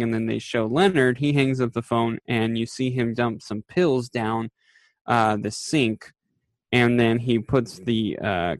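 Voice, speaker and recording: A man's voice: medium pitch, dry recording. Man, casual podcast co-host, rambling recap, fillers, dry close sound. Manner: rambling, many fillers, acts out quoted lines. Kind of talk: casual chat recapping a TV episode.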